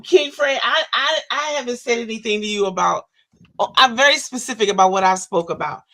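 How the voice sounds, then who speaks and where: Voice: mid-range voice, fairly quick, bright, forceful tone, low-quality recording. A co-host on a morning show who protests indignantly against teasing and then laughs it off. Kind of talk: casual banter.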